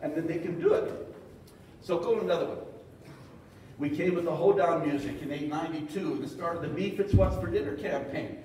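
There's a slight hiss or hum as a man with a voice on the high side, a bit fast and a bit mellow, gives a folksy, humorous extension-talk presentation. He acts out quotes for the live crowd, and the echoey meeting hall is heard from a distance.

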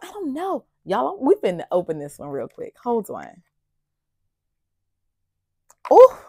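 A young woman, chatting excitedly to viewers as she unboxes gifts. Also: on the low side, no echo, clean studio sound. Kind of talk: casual unboxing chat. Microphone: external mic on camera.

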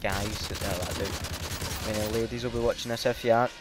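A man's voice: fairly low pitch, fairly even intonation, moderate pace, over loud music. A Scottish man giving casual, hesitant commentary over his gameplay, with lots of filler ums. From Scotland. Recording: loud game gunfire behind.

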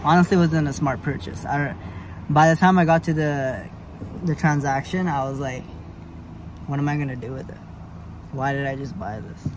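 A man's voice: fairly high pitch, fairly even intonation, moderate pace, pauses often, background noise. Rambling nervous young man vlogging from a car. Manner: rambling, nervous, self-mocking. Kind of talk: casual road-trip vlog. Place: inside a car.

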